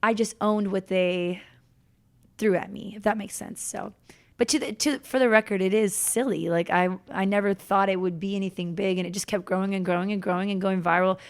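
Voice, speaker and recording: A young woman, a podcast guest, telling her story in a chatty, animated way, full of "like" and restarts. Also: mid-range voice, a little fast. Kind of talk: casual interview storytelling.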